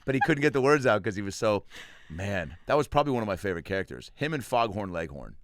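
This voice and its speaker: A man's voice: fairly low pitch, very animated, quick pace, a little hiss or hum. A man hosting a casual comedy podcast, joking around and often slipping into silly cartoon voices. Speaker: podcast host.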